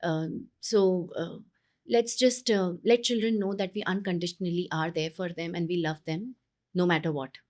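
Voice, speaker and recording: A woman's voice: fairly low pitch, fairly even intonation, a little mellow. Earnest woman giving parenting advice. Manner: earnest, with many pauses and restarts. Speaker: parenting coach. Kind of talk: conversational interview advice.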